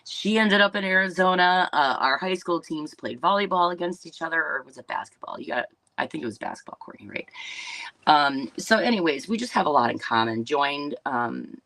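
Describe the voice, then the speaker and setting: A woman from Wisconsin, a business owner, hosts a casual livestream, rambling and chatty with lots of fillers and asides to viewers. Her low voice is expressive, a little fast, and fairly bright, on a rough recording without echo.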